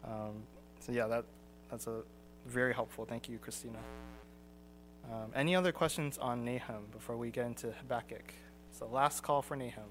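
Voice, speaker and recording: A young man leads a Bible class and talks through it loosely, with plenty of ums and restarts. His pitch sits in an ordinary middle range. A faint hum runs underneath. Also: moderate pace, fairly bright tone. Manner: conversational, frequent ums and restarts.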